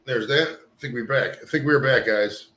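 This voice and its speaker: A man's voice: mid-range voice, moderate pace, sharp tone. A man hosting a casual live stream, swearing and rambling while fixing his camera gear. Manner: profane, rambling, fixes gear on air. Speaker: live show host. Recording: roomy echo.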